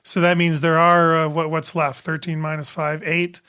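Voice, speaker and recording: A man's voice: fairly high pitch, flat delivery, normal speed, pushed and bright, smooth. A man co-hosting an educational health podcast as the doctor, explaining in a casual way with many fillers and restarts.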